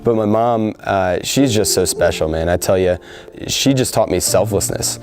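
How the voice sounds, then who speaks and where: A man's voice: low voice, normal speed, music in the background. A young man in his twenties speaking earnestly in a sit-down interview, with frequent fillers. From United States. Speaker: soldier interviewed before deployment.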